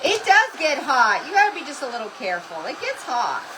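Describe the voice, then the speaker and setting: A high-pitched woman with a bouncy, swooping voice chats through a live crafting demo. She talks loudly and greets viewers by name as she works. A heat gun whirs noisily in the room behind her. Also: huge pitch swings, a little fast, background noise. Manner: chatty, greets viewers by name while working; says she is talking very loudly. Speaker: craft livestream host. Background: heat gun whirring.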